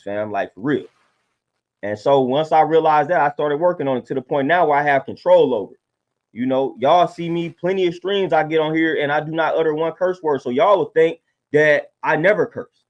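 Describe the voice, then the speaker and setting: A man's voice: a little high, dull audio. Laid-back man preaching on a livestream. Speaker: livestream host. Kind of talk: casual livestream talk.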